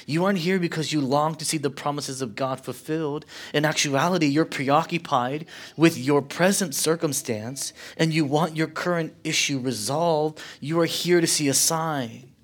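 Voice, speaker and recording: A man preaching a sermon as pastor, rising in force on rhetorical questions and dropping low and soft when quoting. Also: normal speed, hardly any pauses. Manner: impassioned preaching, swelling louder on questions and dropping low for quotes.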